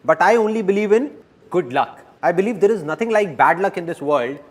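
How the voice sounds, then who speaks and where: A man giving a dubbed motivational seminar talk, speaking to the audience in an animated and playful way. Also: high-pitched, a little fast.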